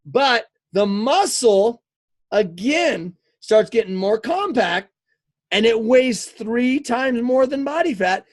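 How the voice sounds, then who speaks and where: Man, fitness coach, live-stream pep talk, very high voice, punchy and repetitive. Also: slow. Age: adult, married eighteen years. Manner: energetic and emphatic, repeats words, often asks "okay?".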